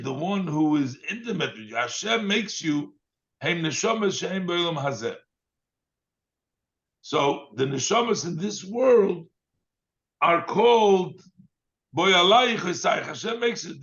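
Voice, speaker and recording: A rabbi teaching a text at an unhurried pace, reading Hebrew phrases and then explaining each one in plain English. His voice sits in a middle pitch, and the recording sounds somewhat dull and lo-fi. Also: fairly bright tone. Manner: reads Hebrew lines then translates, with fillers. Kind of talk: text study lesson.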